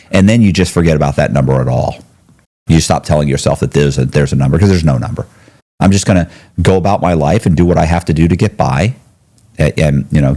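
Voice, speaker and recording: A middle-aged man telling a long personal story as a podcast guest, acting out the voices of the people he quotes. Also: extremely low pitch. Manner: animated storyteller who acts out quoted voices.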